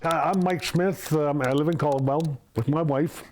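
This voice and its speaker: A man's voice: fairly high pitch, fairly even intonation, normal speed, slight background noise. A man in a news feature interview, sincerely reading love notes he wrote for his wife. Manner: reads heartfelt love notes aloud, gentle and sincere. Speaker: interviewee, husband.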